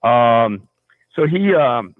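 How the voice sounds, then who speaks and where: A man's voice: mid-range voice, expressive, very slow, dry recording. A man calling into a talk show, telling a long personal story in a rambling way, full of restarts and fillers. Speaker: caller. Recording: tinny phone line.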